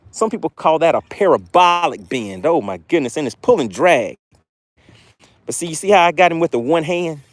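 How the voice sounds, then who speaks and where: A man's voice: fairly high pitch, no room sound. Pumped up guy on a fishing boat livestream, repeats himself a lot, chatting w viewers. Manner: excitable, repeats phrases, chats to viewers. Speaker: fishing streamer. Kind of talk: live-stream fishing commentary. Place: boat on a windy lake outdoors.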